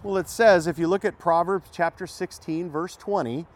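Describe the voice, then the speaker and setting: A man's voice: high voice, fairly even intonation, moderate pace. A man preaching a sermon in an emphatic way, repeating key phrases and asking rhetorical questions.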